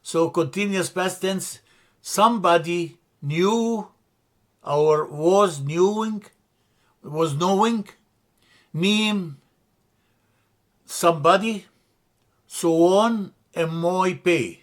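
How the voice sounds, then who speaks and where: A man teaching a language lesson from slides, slow and deliberate, repeating terms and correcting himself as he explains. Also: high-pitched. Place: church classroom.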